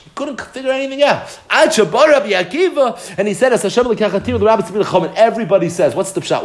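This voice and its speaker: Animated man teaching Torah. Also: sits high. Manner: animated, mixing Hebrew and Yiddish terms into English. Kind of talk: Torah class lecture.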